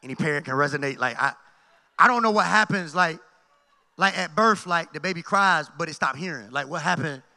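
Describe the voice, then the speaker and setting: A man's voice: fairly high pitch, a little fast, bright, forceful tone. A man preaching a sermon as pastor in a church sanctuary, calling out to the congregation. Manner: preaching with call-and-response asides. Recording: long hall reverb.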